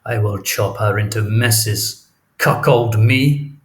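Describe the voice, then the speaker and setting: A man's voice: lowish voice, steady tone, measured pace, a bit bright. A man reading the lines of an anguished, jealous male general in an audiobook, drawing out his impassioned words. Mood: raging.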